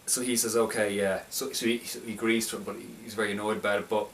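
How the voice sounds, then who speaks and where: A man's voice: on the low side, flat delivery, rapid-fire, fairly bright tone, far from the mic, slight background noise. A man casually reviewing a film, talking in a hesitant, stop-start way with many restarts.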